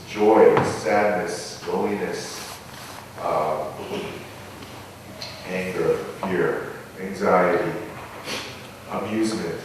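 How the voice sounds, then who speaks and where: Low-voiced monk giving a dharma talk in an echoey hall. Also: male voice, background noise. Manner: measured, pausing, reflective. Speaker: Buddhist monk teaching meditation. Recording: echoey hall, mic far off.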